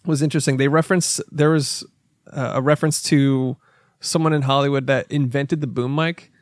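Recorded dry with clean studio sound, this man's medium-pitched voice holds a moderate pace and fairly even intonation. As a podcast co-host in a casual film discussion, he rambles through stories and laughs frequently.

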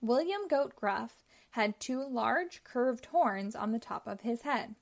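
Reading a children's picture book with expressive storytelling, a woman speaks slowly at a fairly high pitch, with vocal fry in her voice.

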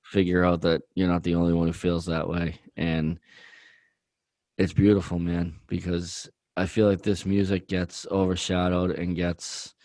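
A man's voice: deep voice, little pitch movement, measured pace, a little mellow, dry recording. A man co-hosting a podcast, talking earnestly in a rambling way with many fillers. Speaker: podcast co-host. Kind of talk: casual chat.

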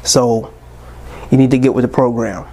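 A man's voice: medium pitch, steady tone, moderate pace, warm tone. A man in his twenties hosting a podcast, talking in a casual, impassioned, preachy monologue. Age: 20s. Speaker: podcast host.

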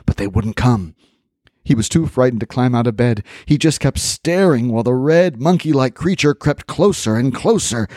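A man hosting a podcast, reading a folk tale aloud with animated storytelling and chatty asides. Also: medium pitch, moderate pace, no echo, studio quality.

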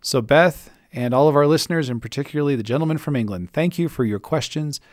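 A man's voice: on the high side, quick pace, dry recording, clean studio sound. A man hosting a podcast, answering listener questions on leadership with an encouraging, reassuring manner. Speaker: podcast host and leadership coach.

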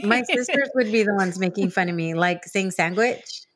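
A woman from San Diego hosting a casual interview, chatty and animated as she tells stories with laughs. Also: medium pitch, normal speed. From San Diego, California. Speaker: podcast host.

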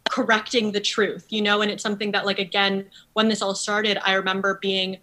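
Earnest bright-voiced woman guest. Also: mid-range voice, flat delivery, poor audio. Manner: earnest, articulate, fast talker with fillers. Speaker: podcast guest. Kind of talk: conversational interview.

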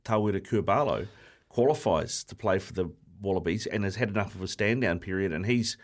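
Man, fast talker, lowish voice, chatty sports host. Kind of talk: casual sports chat.

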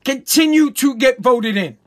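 A middle-aged man with a strikingly high voice tears into his subject as a talk host. He is blunt and profane. He repeats short phrases to drive each point home. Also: a little slow. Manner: blunt, repetitive, profane ranting. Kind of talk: profane political rant.

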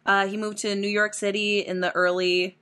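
A woman's voice: medium pitch, flat delivery, normal speed, pushed and bright, clear, resonant tone. A woman co-hosting a casual true crime podcast, telling the story with swearing and frequent laughter. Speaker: podcast co-host.

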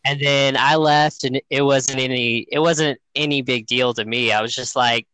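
A man's voice: medium pitch, normal speed, smooth, dry recording, poor audio. A man casually telling a personal story, laughing often and acting out the quotes. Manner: laughs often, animated retelling with quoted voices.

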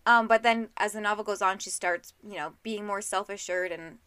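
A young woman co-hosting a casual book podcast, chatty and quick to laugh, filling her talk with "like.". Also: medium pitch, a bit bright, clear, resonant tone, no echo. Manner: chatty, laughs often, lots of "like". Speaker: podcast co-host.

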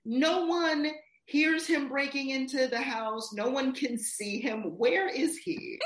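A woman's voice: high voice, fairly even intonation, slow, a bit bright, slight background noise. Emphatic woman in an echoey room. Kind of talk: casual movie chat.

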